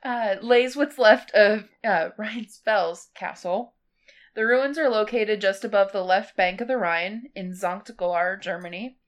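A woman's voice: mid-range voice, a little slow. Easygoing woman co-host telling the story. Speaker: podcast co-host presenting the destination. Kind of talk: casual chat.

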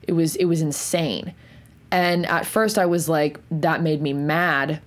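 A young woman candidly telling a personal story, rambling and profane, full of "like" fillers, slowing down and going quiet on the intense parts. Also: deep voice, steady tone. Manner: slows and drops to near whisper on intense moments. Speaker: podcast host.

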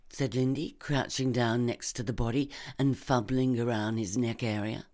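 A woman narrating a crime short story with a wry, expressive delivery. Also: extremely low pitch, normal speed, few pauses. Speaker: narrator and reader. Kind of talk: scripted reading of a crime story.

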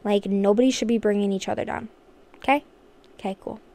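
A woman's voice: mid-range voice, steady tone, fairly quick, mellow. Chatty sarcastic young woman podcaster. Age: 20s. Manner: chatty and sarcastic, talks straight to listeners. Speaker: podcast host. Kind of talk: casual chat monologue.

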